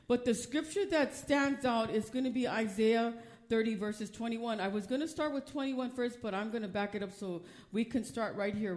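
A woman's voice: on the high side, a little mellow. A woman pastor preaching a sermon from the pulpit, emphatic and often asking the congregation questions.

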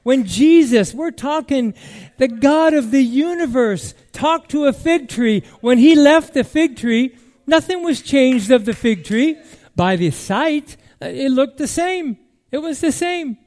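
A male pastor preaching with a notably high voice. He speaks slowly and emphatically, repeating key words and shifting between loud declarations and hushed reflection. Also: lively intonation. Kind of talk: sermon.

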